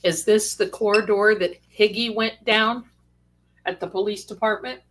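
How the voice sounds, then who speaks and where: A woman hosting a casual livestream, chatting excitedly as she eats and comments. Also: medium pitch, moderate pace, a little hiss or hum, poor audio. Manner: excited, chatty, talks with mouth full. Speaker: livestream host. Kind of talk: casual live commentary while eating. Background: dish and cutlery clatter.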